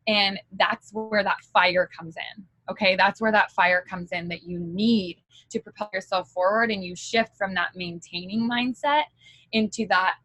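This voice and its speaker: A woman's voice: mid-range voice, steady tone, unhurried, a bit bright, dry recording, rough recording. A woman giving a candid motivational talk as a direct-sales team leader, chatty and full of fillers.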